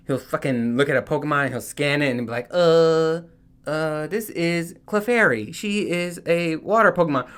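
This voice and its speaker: Rambling, swearing man with a higher voice. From New Jersey. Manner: profane, animated, full of fillers. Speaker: vlogger. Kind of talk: rambling casual storytelling.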